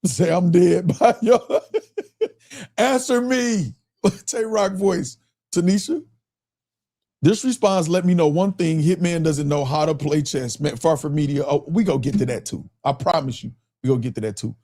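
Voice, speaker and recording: A man from Michigan with a Michigan accent hosting a live stream, reading chat aloud and asking his questions again and again in animated casual commentary. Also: fairly high pitch, moderate pace. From Michigan, US Midwest. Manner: animated, keeps repeating his questions, reads chat aloud, laughs often.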